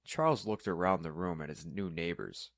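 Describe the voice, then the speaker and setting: Brief: calm male narrator, low voice, dry close sound, steady storybook delivery. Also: moderate pace, no room sound. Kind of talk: scripted audiobook narration.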